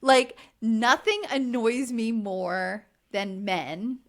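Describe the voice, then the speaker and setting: A woman's voice: fairly high pitch, extremely slow, a bit bright. A woman co-hosting a podcast, recapping reality TV in casual chat, chatty and exasperated, full of fillers. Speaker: podcast co-host.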